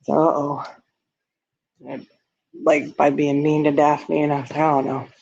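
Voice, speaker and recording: A man's voice: a little high, completely flat delivery, a little slow, creaky, darkish tone. A man hosting a casual livestream, reading viewer comments and talking bluntly and candidly, often laughing at his own remarks. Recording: dull lo-fi stream audio.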